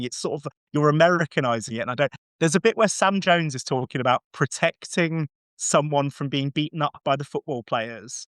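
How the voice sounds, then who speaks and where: A man hosting a casual podcast chat, excitedly acting out quoted lines in shifting voices. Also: a little high, a little fast, no echo, clean studio sound. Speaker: podcast host.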